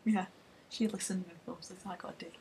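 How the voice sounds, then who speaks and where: A woman's voice: fairly low pitch, fairly even intonation, quick pace, creaky, warm tone, slight background noise. A young woman, chatting casually and retelling a film plot in a rambling, sweary, giggly way. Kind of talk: casual comedic chat.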